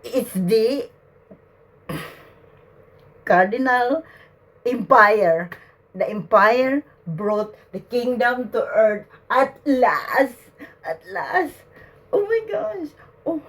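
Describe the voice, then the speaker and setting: A woman addressing spirits aloud on camera, emotional and halting, laughing and close to tears as she speaks. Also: a little high, lively intonation. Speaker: spiritual channeler.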